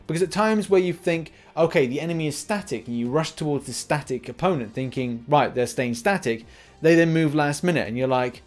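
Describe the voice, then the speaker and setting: A man's voice: fairly high pitch, expressive, a little fast. A young man hosting a gaming channel, chatting casually as he reads out viewer comments and answers them, with plenty of restarts and fillers. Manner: rambling, frequent restarts and fillers.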